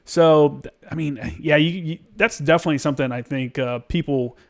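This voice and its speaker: A man's voice: a little high, a little fast. A man interviewing on a podcast, easygoing and agreeable in casual conversation, swearing now and then.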